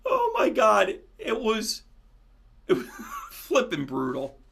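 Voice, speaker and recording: A man hosting a casual live stream as a spiritual medium and astrology teacher, chatting animatedly with viewers and breaking into loud laughter. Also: high-pitched, huge pitch swings, takes it slowly, vocal fry, background noise.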